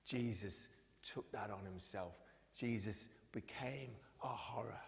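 Male pastor preaching, lowish voice, goes loud then drops to a whisper, big echoey church. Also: unhurried, gravelly. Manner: swings from loud emphasis to hushed whispers. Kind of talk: sermon. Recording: long hall reverb.

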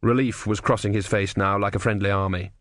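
A man reading an audiobook in measured, dry storytelling narration. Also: fairly low pitch, steady tone, no room sound. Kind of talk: scripted narration.

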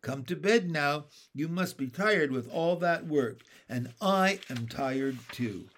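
Brief: a man voicing a calm, reassuring teenage brother in a storybook. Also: fairly high pitch, slow pace, a little hiss or hum. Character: steady, kind older brother, teenage boy.

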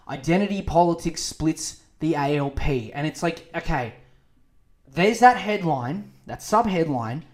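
A young man hosting a podcast, ranting passionately about politics, swearing and speeding up when he gets worked up. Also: on the high side. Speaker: podcast host. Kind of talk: casual political rant.

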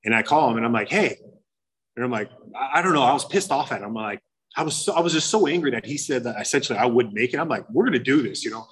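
A man's voice: medium pitch, lively intonation, quick pace, a bit bright, husky, low-quality recording. A young man candidly telling his own recovery story to a meeting, rambling and acting out remembered conversations. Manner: candid, rambling, full of "you know" and quoted dialogue. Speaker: speaker sharing a recovery story. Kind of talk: personal testimony to a meeting.

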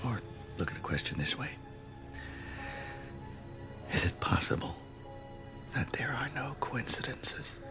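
An actor playing a solemn man who muses on miracles and fate in a low, hushed half-whisper, taken from a film soundtrack. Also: sing-song, unhurried, pauses often. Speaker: film character. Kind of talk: dramatic film monologue. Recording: film soundtrack with music underneath.

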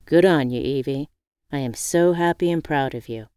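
A man's voice: fairly high pitch, normal speed, clean tone, dry recording, studio quality, natural voice. A woman reading as a teasing, supportive male friend. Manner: warm teasing, encouraging.

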